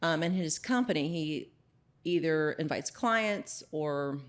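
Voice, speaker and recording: Female host, casual conversation, low voice, chatty. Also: lively intonation, slow. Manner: chatty, prompts the guest. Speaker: podcast host. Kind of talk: casual chat.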